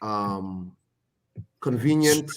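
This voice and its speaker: A man's voice: on the low side, lively intonation, drawn-out words. A man co-hosting a casual boxing podcast, often stumbling and repeating words as he talks.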